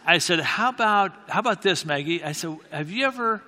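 A man telling a story in a halting, self-deprecating way, with many restarts. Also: high-pitched, animated, sharp tone, long reverb tail. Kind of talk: anecdotal storytelling talk.

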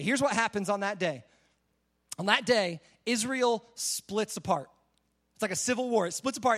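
A man's voice: sits high, fairly bright tone. A young man preaching a sermon in a casual, conversational way, often saying "like" as he retells a Bible story. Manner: conversational, says "like" a lot.

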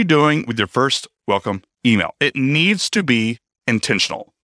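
A man teaching online business straight to the viewer, his pitch leaping up and down as he stresses each point. He is emphatic and chatty, tossing in slangy asides. The sound is dry and close, with no room echo. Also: measured pace. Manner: emphatic and energetic, addresses viewer directly. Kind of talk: direct-to-camera teaching monologue.

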